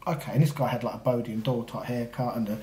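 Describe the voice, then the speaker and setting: A man talks at a quick clip as he spins a story from his school days. He acts out the people in his quotes with lively voices, in an echoey room. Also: mid-range voice, a little hiss or hum. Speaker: podcast co-host. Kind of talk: casual storytelling conversation.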